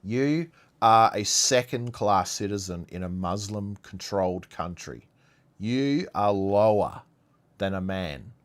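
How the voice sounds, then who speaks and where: A man's voice: on the low side, lively intonation, slow pace. A man from Iran ranting on a live stream, sarcastic and repetitive as he reacts to clips. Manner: ranting, sarcastic, repeats himself. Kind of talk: heated commentary on played clips.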